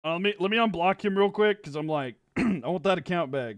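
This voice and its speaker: Hyped, high-voiced young man yelling. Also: lively intonation, a little fast. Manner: yells and hypes, then talks to chat casually. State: losing his voice, hoarse. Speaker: streamer reacting to a football game. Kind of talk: excited live-stream reaction.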